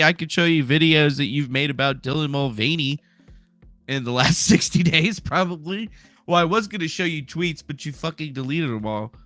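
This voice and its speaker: Bright, sarcastic male streamer. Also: fairly high pitch, no echo. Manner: rambling, profane, sarcastic. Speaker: streamer host. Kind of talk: casual commentary stream.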